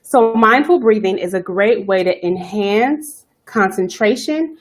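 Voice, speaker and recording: A woman hosting a self-care live stream, talking fast and chatty, greeting viewers by name as she coaches. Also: medium pitch, animated. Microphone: webcam or phone live stream.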